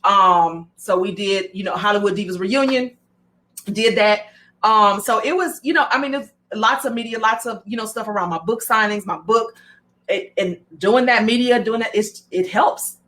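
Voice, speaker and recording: A woman with a Southern drawl hosting a broadcast, talking in an animated, repetitive and emphatic way with many fillers. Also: medium pitch, moderate pace. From American South. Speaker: host. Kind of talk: motivational broadcast talk.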